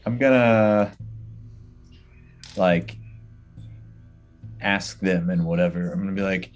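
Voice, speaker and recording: Male tabletop player, slow and halting, lowish voice, faint music behind. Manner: hesitant, halting. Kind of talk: casual tabletop play.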